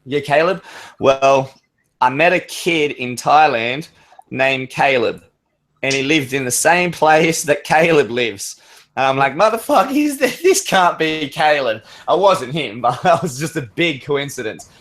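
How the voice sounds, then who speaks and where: A man's voice: mid-range voice, measured pace, a bit bright. A man on an open-mic call, telling a long, rambling story in casual chat and swearing freely. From Australia. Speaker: caller.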